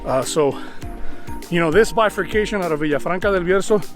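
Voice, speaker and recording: Man, out of breath, hiking vlog, outdoor trail, eager and huffing, higher voice, faint music behind. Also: expressive, fairly quick. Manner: huffing, enthusiastic, talks to viewers while hiking. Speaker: travel vlogger. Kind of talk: walking vlog narration.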